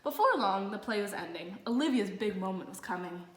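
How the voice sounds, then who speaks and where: A woman reading a children's picture book aloud in a lively, expressive storytelling manner. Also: mid-range voice, fairly quick. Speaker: storybook narrator. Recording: roomy echo.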